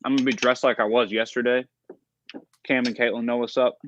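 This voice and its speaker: A man co-hosting a casual livestream chat, animated and jokey. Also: medium pitch, fairly quick, highs cut off. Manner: animated, jokey, reads menus aloud. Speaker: co-host.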